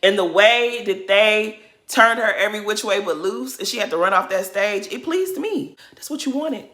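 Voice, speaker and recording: A woman talking close to the mic in a bright, forceful voice. She rants bluntly and sassily, breaking into laughter as she goes. It is casual reaction commentary. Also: medium pitch, animated, normal speed. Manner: blunt, sassy, laughs while ranting. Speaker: reality TV commentator.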